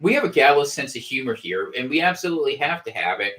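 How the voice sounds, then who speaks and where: A man hosts a casual home livestream, his pitch swinging in a lively, animated way. He rambles through his points with wry gallows humor and often restarts his sentences. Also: quick pace. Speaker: podcast host. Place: home room.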